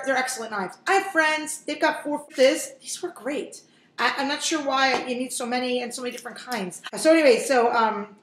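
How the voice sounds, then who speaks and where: A woman's voice: fairly high pitch, a bit bright, echoey room, a little hiss or hum. A woman in her forties hosting a home cooking show, chatting and joking straight to viewers as she works. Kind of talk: casual cooking demonstration.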